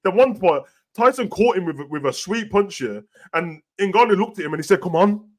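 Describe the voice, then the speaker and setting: A man's voice: high-pitched, lively intonation, moderate pace, darkish tone. A man, chatting casually and animatedly about football and boxing as a podcast host, dropping slang constantly. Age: adult with a young son. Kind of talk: casual chat.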